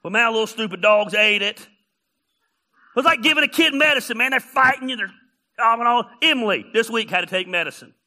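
A man preaching a sermon, telling funny stories and often raising his voice to a shout. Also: extremely high pitch, brisk. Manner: animated, often shouting, storytelling. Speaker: pastor.

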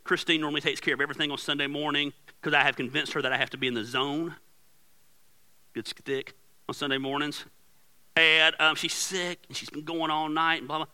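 A man's voice: a little high, a little fast, poor audio. A middle-aged male pastor preaching a sermon in a church, telling a story about himself with lots of energy and acting out his wife's angry lines. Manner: animated storytelling, acts out his wife's yelling. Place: church sanctuary. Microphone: handheld or headset microphone.

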